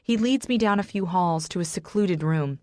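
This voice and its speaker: A woman narrates a first-person audiobook with a low-pitched voice. Her dramatic, emotional delivery pushes into raised dialogue. The recording is close and dry, with no room sound. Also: normal speed, no room sound. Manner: dramatic, emotional reading that swings into shouted dialogue.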